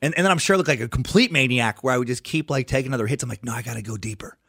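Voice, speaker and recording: A man in his thirties chats casually and tells candid, self-mocking stories. His voice is bright, and the sound is dry and close. He often stops mid-thought and starts again. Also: mid-range voice, expressive, very fast, no echo. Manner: candid, rambling, self-deprecating storyteller. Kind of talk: casual conversation.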